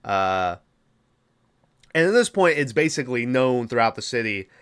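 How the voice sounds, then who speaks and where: A podcast host casually recapping a film, swearing a lot and rambling. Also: male voice, medium pitch, very animated, normal speed, a bit bright, smooth. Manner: profane, rambling, laughing.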